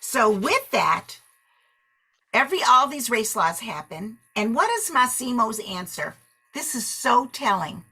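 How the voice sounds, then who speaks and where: A woman leading a book club discussion, animated and acting out the characters' lines as she retells the story. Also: on the high side, a little slow, husky.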